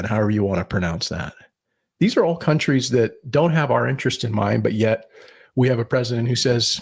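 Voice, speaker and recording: A man's voice: medium pitch, animated, brisk, vocal fry, husky. A man co-hosting a podcast, giving blunt political opinions, swearing and rambling with restarts. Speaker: podcast co-host.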